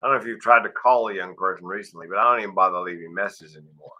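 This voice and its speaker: A man's voice: sits low, rapid-fire, pushed and bright, poor audio. A middle-aged man, a guest speaker, telling wry personal stories and acting out dialogue. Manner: wry storyteller who acts out dialogue. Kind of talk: storytelling interview.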